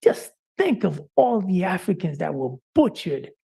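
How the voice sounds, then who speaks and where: A man's voice: high voice, sing-song, measured pace, creaky, warm tone, husky. A man co-hosting a live-streamed talk show, speaking in an impassioned, preacher-like way with frequent "uh" fillers.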